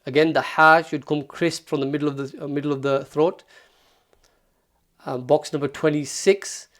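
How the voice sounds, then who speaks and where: A man's voice: fairly high pitch, steady tone, normal speed. A man teaching recitation step by step, patiently sounding out syllables and repeating them for learners.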